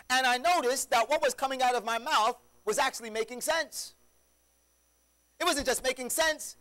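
A man preaching a sermon in a church, his voice pitched high and keen with a bright, forceful edge. He tells his story animatedly and keeps checking in with the congregation through rhetorical questions. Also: animated, fairly quick, low-quality recording.

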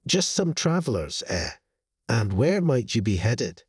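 Male narrator putting on a gruff guard captain, booming and sneering, husky, dry. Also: very animated, unhurried, no room sound, heavily acted. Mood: hostile. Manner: barking, sneering and demanding. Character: gruff, suspicious male royal guard leader.

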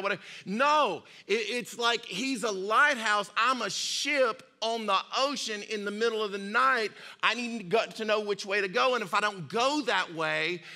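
A male pastor delivers a sermon in a folksy, chatty way, circling back to repeat his points. His voice sits high and rings bright and tense. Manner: folksy, repetitive, conversational preaching. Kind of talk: sermon with storytelling.

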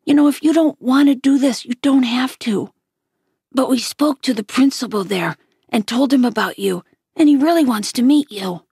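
Woman doing a soft, patient mom talking her kid through it, a bit raspy. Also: sits high, moderate pace, dry recording, clean studio sound, pitched above the performer's own voice, full character voice. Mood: soothing. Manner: soothing, reasoning. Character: gentle, firm mother of a boy.

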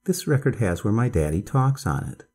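A man's voice: fairly low pitch, very animated, moderate pace, a little mellow, slightly rough. A man voicing a blunt, proud and impatient six-year-old girl in a storybook reading.

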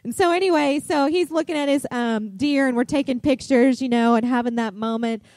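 A middle-aged woman pastor, preaching a sermon and telling a chatty, animated story full of fillers. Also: sits high, a little fast, dry recording.

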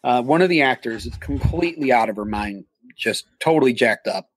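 A man telling a story as a guest in an interview, animated, acting out dialogue in a raised voice. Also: medium pitch, a little fast, husky, no room sound. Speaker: guest, haunted attraction actor manager.

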